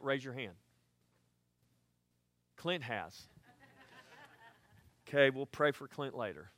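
Animated high-voiced older pastor preaching. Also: male voice, unhurried, pauses often, no room sound, clean studio sound. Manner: animated preaching, dropping to quiet asides and rising to loud emphatic bursts. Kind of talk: sermon.

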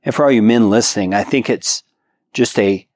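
A man's voice: fairly low pitch, moderate pace, darkish tone, no echo, clean studio sound. A man co-hosting a podcast, giving earnest, instructive marriage advice and speaking directly to the men listening. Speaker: podcast co-host.

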